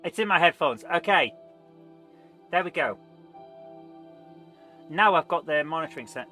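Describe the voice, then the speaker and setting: A man streams a game and chats loosely as he goes, reading out viewer comments and eating between lines. His voice is bright and sits a little high. Soft music plays faintly behind him. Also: animated, unhurried. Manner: rambling, reads chat aloud, eats while talking. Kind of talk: casual live-stream chat.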